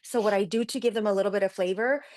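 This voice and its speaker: A woman's voice: medium pitch, fast talker, a little mellow. A woman in a group video call sharing meal tips casually, with many fillers.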